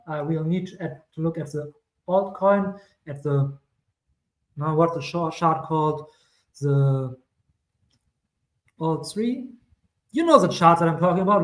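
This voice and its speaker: A man's voice: on the high side, roomy sound, low-quality recording. German-accented man talking through charts. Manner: rambling, self-correcting, chatty asides. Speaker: crypto streamer. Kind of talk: casual chart commentary.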